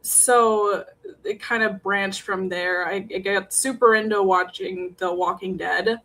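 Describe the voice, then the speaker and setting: A woman with a Wisconsin accent, a comic artist guest talking in a soft, hesitant way. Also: mid-range voice, steady tone, unhurried. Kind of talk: casual interview chat.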